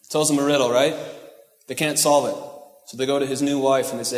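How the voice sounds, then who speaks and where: A male pastor with a mid-range voice and steady tone delivers a casual, conversational sermon a little fast. He makes joking asides and keeps asking the congregation "right?", recorded in an echoey hall with long reverb.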